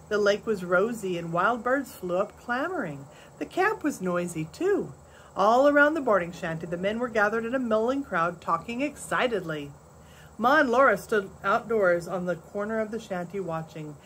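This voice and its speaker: An older woman, a grandmother, reading a storybook chapter aloud in a soft, measured way. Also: mid-range voice, slight background noise.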